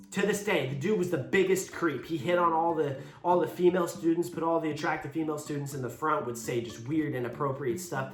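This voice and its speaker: A young man telling a personal story in a casual vlog, candid and blunt, acting out the lines of the people in it. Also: on the high side. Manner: candid, blunt, with swearing and quoted dialogue. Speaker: YouTuber telling his story. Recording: echoey room with faint guitar music.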